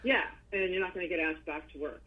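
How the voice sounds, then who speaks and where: A woman talks in a husky voice as a guest in a casual interview, blunt and unafraid to swear. She comes through a video call. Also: lowish voice, quick pace, muffled recording. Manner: blunt and profane. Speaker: wrestling guest.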